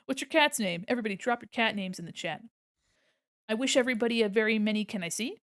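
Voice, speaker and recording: A woman's voice: a little high, quick pace, fairly bright tone, dry recording, studio quality. Giggly woman chatting on stream. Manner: giggly, chatty, breaks into laughter often; gushing and affectionate. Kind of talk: casual livestream chat while drawing.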